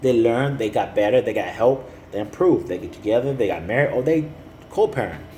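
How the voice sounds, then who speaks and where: Man, fairly low voice, earnest, halting, fillers, faint hum behind. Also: expressive, warm tone, low-quality recording. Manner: halting, repeats "you know" often; earnest and heartfelt. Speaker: father speaking to camera. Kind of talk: rambling personal monologue.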